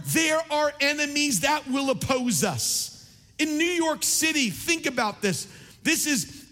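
A man preaching a sermon as pastor, impassioned and building to near shouts. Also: very high-pitched. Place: large church sanctuary. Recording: long reverb of a large hall.

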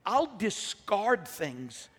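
Middle-aged male pastor, emphatic storytelling sermon, slightly high voice, big hall reverb. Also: big pitch swings, very slow, fairly bright tone. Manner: emphatic, repetitive, storytelling preacher.

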